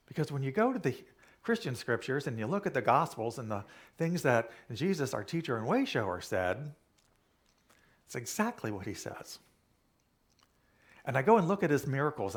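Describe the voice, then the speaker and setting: A man preaching a sermon in a relaxed, chatty manner. He keeps coming back to one phrase and talks to the congregation as if in conversation, at a middling pitch. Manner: conversational, repeats key phrases. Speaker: minister.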